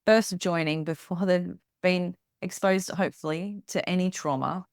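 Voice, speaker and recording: Low-voiced woman hosting an interview. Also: steady tone, moderate pace, no echo, studio quality. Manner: earnest, agreeing, asks follow-up questions. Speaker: podcast host. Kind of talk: interview conversation.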